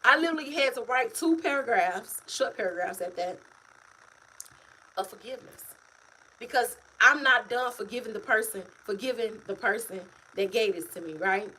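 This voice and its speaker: A woman author talking casually to her livestream viewers, animated and repetitive, calling them y'all. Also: fairly high pitch, normal speed, breathy edge, low-quality recording. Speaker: author and vlogger. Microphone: phone or webcam, livestream.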